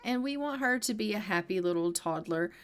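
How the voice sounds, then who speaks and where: A woman talks through her life-sim game in a relaxed, chatty way, explaining each step as she goes. Her voice sits at an ordinary middle pitch, and she slips into quick asides for her characters. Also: smooth. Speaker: gameplay narrator. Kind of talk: casual let's-play commentary.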